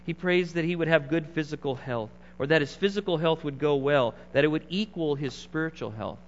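Middle-aged male pastor, slightly high voice, emphatic conversational sermon, muffled recording with long hall reverb. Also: brisk, a little hiss or hum. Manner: conversational, emphatic preaching with asides to the congregation.

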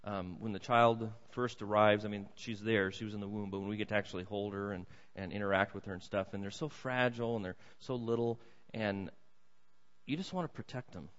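Older male pastor preaching, punchy dramatic readings and quiet asides, long reverb, slightly muffled sound. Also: lowish voice, brisk. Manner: lively, swings between loud dramatic reading and soft asides. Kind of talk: sermon. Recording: dull sound in a big reverberant hall.

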